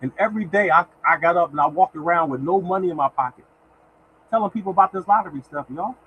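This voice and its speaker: A man with a high, narrow voice talks fast on a casual livestream where he gives lottery picks. He is repetitive and exhortative, keeps saying "y'all," and occasionally thanks viewers in the chat by name. The audio is tinny with slight background noise.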